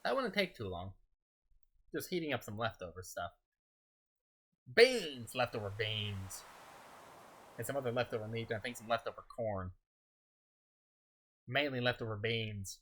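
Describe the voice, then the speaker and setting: A man streaming a game, talking casually in a soft-spoken, rambling way with frequent chuckles. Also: mid-range voice, lively intonation, brisk, pauses often, slight background noise. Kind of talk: casual gaming stream chat.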